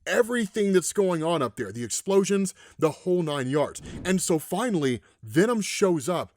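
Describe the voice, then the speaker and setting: A man hosting a comic book recap in casual narration, chatty and animated, often checking in with the listener with a tag question. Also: sits high, moderate pace.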